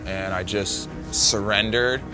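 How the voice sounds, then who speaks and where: A man's voice: lowish voice, steady tone, slow pace, over music. A young man, a big wave surfer, recounting a near-death wipeout in vivid, breathless storytelling full of fillers.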